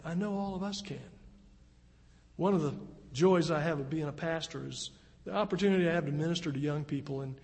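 A man's voice: fairly high pitch, fairly quick, darkish tone. A middle-aged male pastor preaching an earnest, conversational sermon in a church. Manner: earnest, conversational preaching with dramatic acted quotes. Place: church sanctuary. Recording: long reverb of a church hall.

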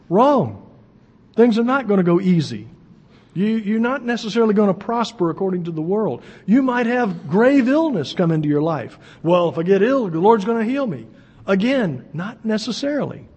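A man's voice: sits high, animated, moderate pace, a little mellow, husky, long reverb tail. A man preaching as a pastor, reading scripture aloud and explaining it in an earnest, emphatic way with folksy asides.

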